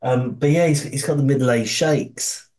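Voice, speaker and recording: A man's voice: mid-range voice, measured pace, darkish tone. A man co-hosting a podcast, rambling casually about a TV series, with frequent restarts and swearing. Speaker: podcast co-host.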